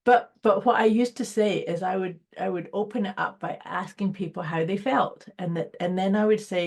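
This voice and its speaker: A woman with a somewhat husky, breathy voice, chatting reflectively on a podcast. She often restarts her sentences as she thinks aloud. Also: mid-range voice, normal speed, few pauses, a little mellow. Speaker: podcast co-host. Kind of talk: casual conversational chat.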